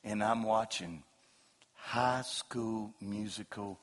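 A middle-aged man preaching a sermon, rising into loud shouted passages and then telling joking stories about his family and dog. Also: on the low side, fairly even intonation, slow pace, very noisy. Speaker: pastor. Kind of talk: sermon with humorous storytelling.

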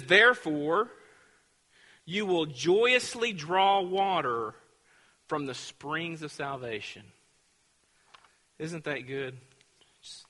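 A man's voice: medium pitch, bright, forceful tone, long reverb tail. A man preaching a sermon, telling a school story with acted-out voices before building to fervent preaching. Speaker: pastor.

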